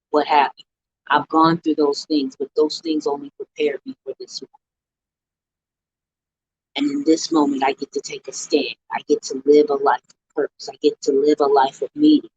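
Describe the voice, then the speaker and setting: A woman's voice: sits low, husky, dull audio. Earnest woman giving a motivational talk. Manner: earnest, preacher-like cadence with repetition. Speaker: motivational speaker. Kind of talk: live-streamed motivational talk.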